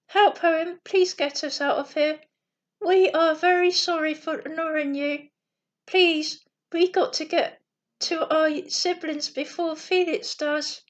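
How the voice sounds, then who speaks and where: A woman reading a bedtime story aloud slowly and carefully, with small slips. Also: high-pitched.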